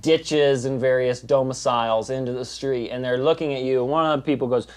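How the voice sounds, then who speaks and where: A man's voice: medium pitch, steady tone, brisk. A man narrating as game master in a casual, profane storytelling style, with sound effects.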